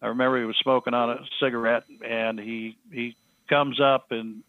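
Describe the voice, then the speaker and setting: A man's voice: medium pitch, level tone, clear, resonant tone, no echo. Earnest man telling a story over a phone-like line. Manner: halting, many restarts and fillers, earnest. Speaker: podcast guest. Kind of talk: storytelling in an interview. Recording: thin phone-like line, dry.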